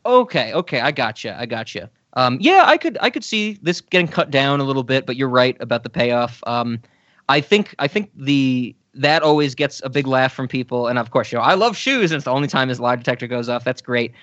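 A man's voice: mid-range voice, lively intonation, brisk, a bit bright, dry recording, dull audio. A man co-hosting a casual podcast, enthusiastic and agreeable while discussing comedy sketches. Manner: enthusiastic, agreeable, frequent backchannels. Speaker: podcast co-host. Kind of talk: casual chat reviewing sketches.

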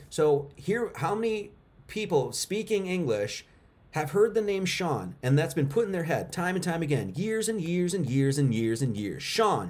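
A man's voice: on the high side, a little mellow. A middle-aged man hosting a casual livestream, talking emphatically to his viewers and repeating points for effect. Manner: emphatic and repetitive, talks to chat. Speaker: livestream host.

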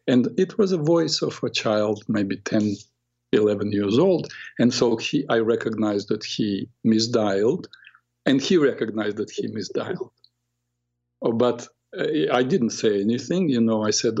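Husky-voiced man in his sixties. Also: mid-range voice, expressive, a little mellow, highs cut off. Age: 60s. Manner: unhurried, reflective, with frequent fillers. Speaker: radio show host. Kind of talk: storytelling monologue.

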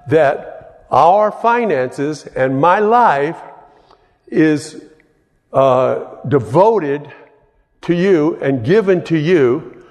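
Slow-speaking pastor in a reverberant hall. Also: male voice, fairly high pitch. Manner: conversational, repeats and restarts phrases. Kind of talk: sermon.

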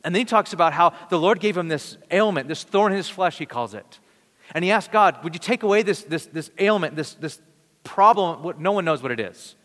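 A man preaching a sermon in an earnest, conversational way, with dramatic pauses. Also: high-pitched, lively intonation, a bit bright. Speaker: pastor. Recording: long reverb of a large hall.

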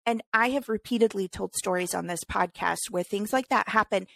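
A woman's voice: mid-range voice, normal speed, creaky, fairly bright tone, no room sound. A woman co-hosting a casual podcast, talking in an emphatic, ranting way. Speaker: podcast co-host.

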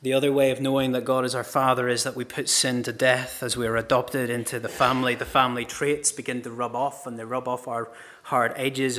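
Middle-aged man, pastor, sermon, impassioned, mid-pitched voice. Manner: passionate storytelling, swings between loud cries and hushed speech.

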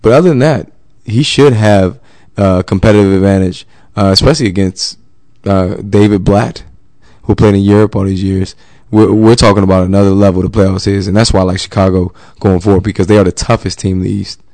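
A man co-hosting a casual sports talk, speaking in a measured, hesitant way with many restarts. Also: sits low, steady tone, a little mellow, no echo.

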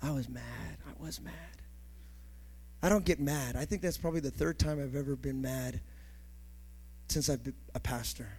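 A male pastor preaching a sermon emphatically, building to shouts and calling for responses from the congregation. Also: medium pitch, normal speed, long pauses, husky.

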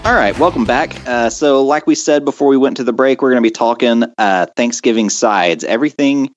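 A man's voice: medium pitch, fairly quick, soft background music. A man co-hosting a casual food podcast, chatty and laid-back, telling stories with lots of fillers. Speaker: podcast co-host. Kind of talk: casual chat.

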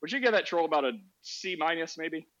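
A man's voice: fairly high pitch, lively intonation, brisk, fairly bright tone, lo-fi sound. A man hosting a podcast, telling a story in a sarcastic, laughing, casual way on a social audio app. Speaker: podcast host.

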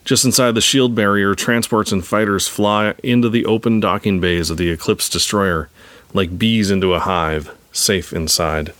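Deep-voiced man reading a script. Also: steady tone, moderate pace, a bit bright, no room sound. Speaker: narrator.

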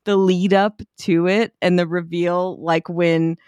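A woman's voice: on the low side, level tone, slow, a little mellow, smooth, no echo, clean studio sound. A woman co-hosting a casual movie podcast, talking loosely with lots of "like" and swearing, laughing and acting out lines. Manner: heavy use of "like" and swearing. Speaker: podcast co-host. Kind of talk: casual chat.

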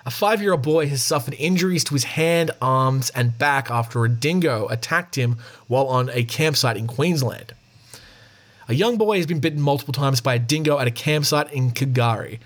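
A man's voice: mid-range voice, normal speed. Chatty Australian man hosting a podcast. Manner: chatty, reads news aloud with asides. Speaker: podcast host. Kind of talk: casual podcast news reading.

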